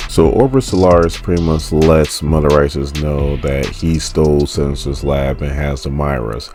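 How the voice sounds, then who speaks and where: Very deep-voiced man recapping comics casually. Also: steady tone, moderate pace, hardly any pauses, darkish tone, soft background music. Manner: chatty, laughs often, retells dialogue loosely. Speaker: comic book recap host.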